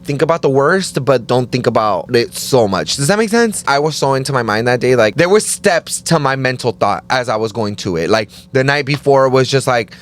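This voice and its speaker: A man in casual conversation, telling a story in an animated way, full of "like" and acted-out quotes. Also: moderate pace, hardly any pauses, slight background noise. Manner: animated, acts out quotes in higher voices, says "like" often.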